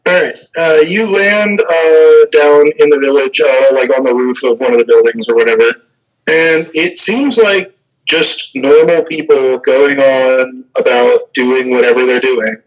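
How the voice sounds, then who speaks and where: A man narrating as game master, halting, with many fillers. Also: mid-range voice, low-quality recording.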